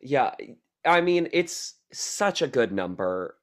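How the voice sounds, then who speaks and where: A man's voice: mid-range voice, big pitch swings, slow. A man co-hosting a podcast, gushing about a movie with enthusiasm and dry teasing in casual chat, recorded over a remote call. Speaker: podcast co-host.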